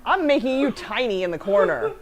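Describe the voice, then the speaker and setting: A woman's voice: medium pitch, sing-song, fairly quick, crowd noise. A woman hosting a casual baking livestream, chatting with her co-host, reading viewer comments aloud and laughing often.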